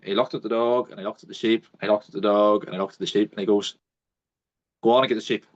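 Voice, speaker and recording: A man's voice: on the low side, very fast. A man, hosting a podcast and telling a story in casual chat, acting out the people he quotes. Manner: animated storyteller, acts out quoted voices. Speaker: podcast host. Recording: dull lo-fi audio.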